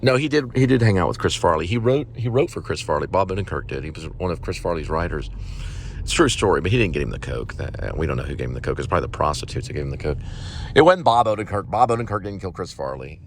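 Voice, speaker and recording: A man rambling jokingly while driving, tossing out deadpan asides and correcting himself. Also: deep voice, fast, a little hiss or hum. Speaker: vlog host.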